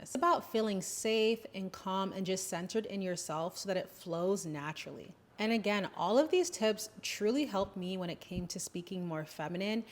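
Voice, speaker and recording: A woman speaking as a lifestyle coach in an advice vlog, calm, gentle and instructive. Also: medium pitch.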